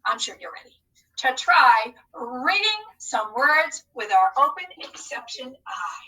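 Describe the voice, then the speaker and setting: A woman's voice: high-pitched, very animated, unhurried, sharp tone, far from the mic, low-quality recording. A woman teacher leading a recorded phonics lesson, upbeat and coaxing as she talks to unseen students.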